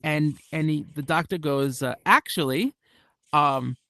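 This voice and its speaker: Rambling New stand-up comic. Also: male voice, on the high side, level tone, unhurried, a bit bright, no echo. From United States. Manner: rambling, self-deprecating, many restarts and asides. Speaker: stand-up comedian. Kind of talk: stand-up comedy set. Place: comedy club stage.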